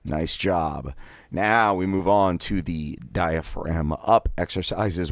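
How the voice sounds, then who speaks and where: Man, low unhurried voice, voice exercise coach, relaxed and joking, dry close mic. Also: creaky, dry recording. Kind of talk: guided voice exercise drill.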